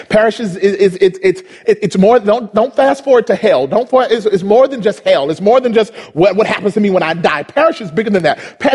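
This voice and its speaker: High husky-voiced preacher. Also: male voice, very animated, darkish tone. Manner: passionate, repetitive preaching, swings from fast to slow drawn-out phrases. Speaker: pastor. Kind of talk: sermon. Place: church in California.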